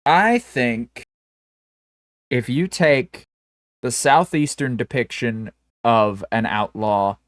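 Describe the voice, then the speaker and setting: A man's voice: medium pitch, takes it slowly, pauses often, no echo. A man co-hosting a podcast, chatting casually, opinionated and swearing, with many restarts. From American South or Southwest. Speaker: podcast co-host.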